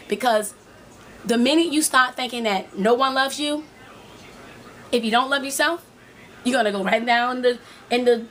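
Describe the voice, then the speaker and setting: A woman's voice: a little high, a bit bright, slight background noise. A woman life coach giving a preachy, motivational talk to women, speaking straight to her viewers and repeating her points.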